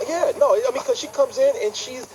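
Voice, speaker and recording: A man co-hosting a casual film review chat, emphatic and quick to laugh, stammering when he gets going. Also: very high-pitched, darkish tone, low-quality recording. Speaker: podcast co-host, film reviewer.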